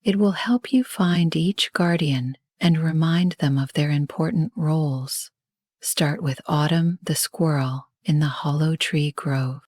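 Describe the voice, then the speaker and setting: A woman voicing an ancient, kind male tree spirit in a slow, gentle whispered role-play. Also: low voice, no echo, studio quality.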